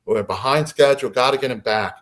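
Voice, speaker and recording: A man's voice: medium pitch, brisk, fairly bright tone, natural voice. A man doing a flustered, stammering gray alien. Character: tall gray alien handler, nervous and placating.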